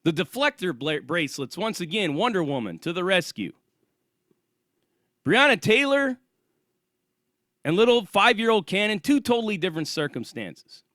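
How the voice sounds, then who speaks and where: A man's voice: high-pitched, big pitch swings, moderate pace, long pauses, a bit bright, dry recording, studio quality. A man hosting his own channel, delivering an angry, profane and sarcastic ranting monologue. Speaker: channel host.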